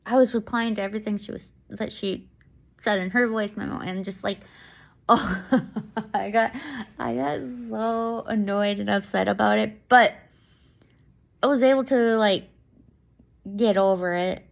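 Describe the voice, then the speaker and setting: A young woman talking casually to camera in a vlog, rambling and excitable, laughing often and restarting her sentences. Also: mid-range voice, unhurried, gravelly, pauses often. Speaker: vlogger. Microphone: camera mic.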